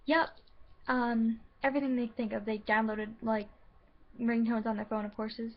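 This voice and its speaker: A woman's voice: a little high, little pitch movement, moderate pace, muffled recording, background noise. A young woman in her late teens telling her own story to camera, candid and hesitant, with many filler words and restarts. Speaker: vlogger.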